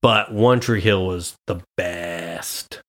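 A man's voice: sits low, takes it slowly, fairly bright tone. A young man from Nebraska, a podcast host, chatting casually and swearing freely as he tells family stories. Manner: swears freely, storytelling with quoted voices. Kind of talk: casual chat.

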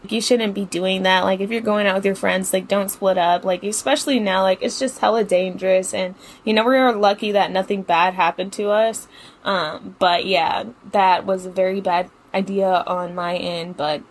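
A woman's voice: mid-range voice, fairly even intonation, moderate pace. A young woman hosting a podcast, telling a story casually, swearing a lot and filling her talk with "like". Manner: chatty, profane, filler-heavy with lots of "like". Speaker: podcast host.

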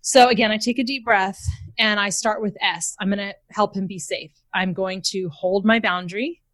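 A woman's voice: mid-range voice, fairly even intonation, normal speed, a bit bright, no echo. A woman with a mid-range voice speaks as a parenting expert in a podcast interview, close to the mic in a dry, dead room. She explains ideas through everyday examples and briefly acts out what a parent might say.

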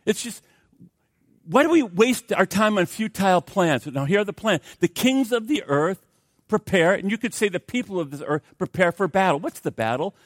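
An older man, a pastor, preaching a sermon with lively storytelling and jokey asides to the congregation. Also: high voice, normal speed, no room sound, studio quality.

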